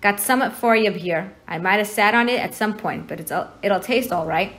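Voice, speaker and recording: A woman reading aloud and voicing a huge, gruff, jolly man with a rough rustic dialect and a quick temper, raised in pitch. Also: fairly bright tone, natural voice. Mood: jovial.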